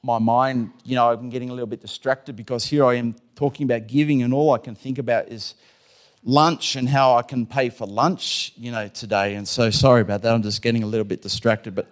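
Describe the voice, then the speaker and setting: A middle-aged man, preaching a sermon in a chatty, animated way, acting out his own inner voice and laughing often. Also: medium pitch, fairly quick. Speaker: pastor. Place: church.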